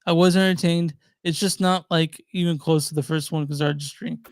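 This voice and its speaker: A man co-hosts a movie podcast, giving his opinions in a rambling, halting way with lots of fillers. His voice is high for a man. The sound is close and dry with no room echo. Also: steady tone, clear, resonant tone. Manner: rambling, hesitant, many fillers and restarts. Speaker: podcast co-host reviewing movies. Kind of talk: casual chat.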